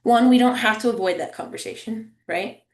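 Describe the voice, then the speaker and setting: Over a video call, a woman hosts a family engagement webinar, her voice slightly high and a bit quick, with an echo from the room. She keeps things warm and conversational, checking in with listeners through frequent "right?" and "okay?"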